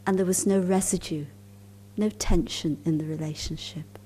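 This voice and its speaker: A woman giving a spiritual talk at a conference, telling stories calmly and unhurriedly, sometimes dropping into soft, near-whispered asides. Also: on the low side, moderate pace. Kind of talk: storytelling lecture at a conference.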